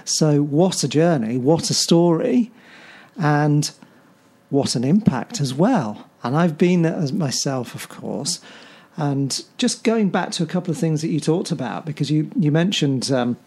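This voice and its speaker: An interviewer speaking in a measured, affirming way, summing up and asking follow-ups. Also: mid-range voice, lively intonation, darkish tone, husky. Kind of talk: conversational interview.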